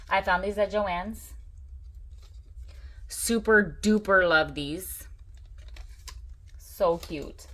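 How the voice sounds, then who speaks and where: Chatty, excitable woman crafter. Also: fairly low pitch. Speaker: craft channel host. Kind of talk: casual crafting tutorial.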